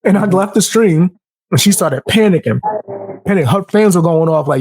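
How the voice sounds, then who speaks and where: A man hosts a casual podcast, recounting stories with lots of energy and jumping into other people's voices as he goes. His voice sits a bit high for a man. The sound is dry and close, with no room around it. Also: normal speed, no echo. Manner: animated storyteller, acts out quotes in a raised voice. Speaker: podcast host.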